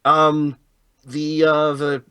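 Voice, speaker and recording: A male caller speaks very slowly in a bright voice. He halts and hesitates, filling gaps with fillers as he searches for words. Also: a little high, completely flat delivery, clear, resonant tone. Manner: halting, hesitant, full of fillers. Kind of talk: call-in show chat.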